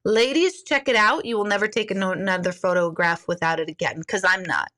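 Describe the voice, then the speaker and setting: A woman in her forties chats candidly on a live stream, rambling with lots of fillers and slipping into exaggerated quoted voices. Her mid-range voice is brisk, pushed and bright.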